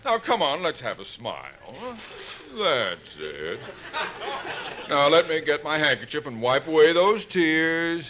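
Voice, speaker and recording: An actor playing a blustering, self-important middle-aged bank clerk turned farmer in a 1950s radio comedy. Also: male voice, a little high, big pitch swings, measured pace, crowd noise. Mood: coaxing. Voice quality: pompous, blustery. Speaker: lead character. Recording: scratchy old broadcast recording, tinny and hissy.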